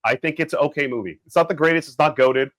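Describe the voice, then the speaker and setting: A man co-hosting a podcast in casual chat, jokey and animated, now and then slipping into loud bits. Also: fairly high pitch, quick pace, no echo, poor audio. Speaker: podcast co-host.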